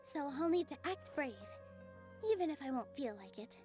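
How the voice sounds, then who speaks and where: Very high woman reading dialogue aloud, earnest and steady, light music behind. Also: moderate pace.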